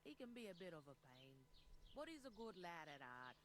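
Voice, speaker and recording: A woman's voice: on the low side, very animated, normal speed, a little hiss or hum. A woman voicing a blunt, bossy village innkeeper in a video game. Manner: bossy, plain-spoken, folksy.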